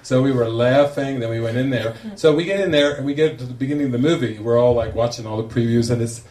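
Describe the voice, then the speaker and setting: Male spiritual teacher, mid pitch, animated storyteller, roomy distant sound. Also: fast talker. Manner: animated, laughing storyteller acting out quotes. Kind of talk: storytelling talk to a group. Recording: echoey room, distant mic, faint noise.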